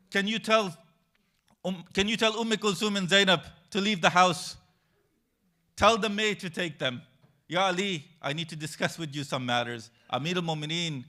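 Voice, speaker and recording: A man retelling a religious story at a mourning gathering in an emotional narrating style, growing louder toward the end. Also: on the high side. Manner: retells a tragic story, rising to loud cries.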